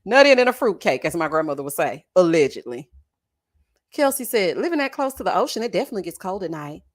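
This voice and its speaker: A woman hosts a reality TV reaction show, chatting in a sassy way, laughing loudly, and calling her viewers honey and child. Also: on the low side, sing-song, fast. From Texas. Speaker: host of a reality TV reaction channel. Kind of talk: casual reaction commentary.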